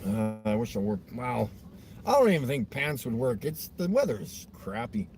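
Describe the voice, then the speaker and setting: A man chatting casually on a show, rambling through joking flat-earth banter. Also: medium pitch, moderate pace, a little hiss or hum. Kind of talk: casual chat.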